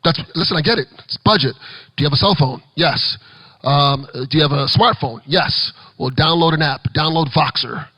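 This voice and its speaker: A man giving an energetic, animated talk to children's ministry leaders as a children's pastor, with playful asides. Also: a little high, normal speed, dry recording, low-quality recording. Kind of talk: conference workshop talk.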